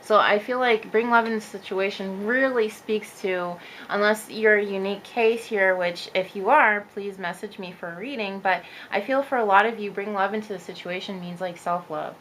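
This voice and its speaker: A woman's voice: medium pitch, moderate pace, fairly bright tone, slight background noise, low-quality recording. A woman giving a chatty, upbeat tarot reading, talking straight to her viewers as a spiritual coach. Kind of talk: casual tarot reading monologue.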